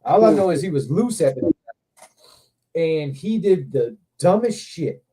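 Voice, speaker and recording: A man hosting a livestream, telling rambling, profane anecdotes in a loose, animated way. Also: on the high side, a little slow, husky. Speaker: livestream host. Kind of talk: casual storytelling chat.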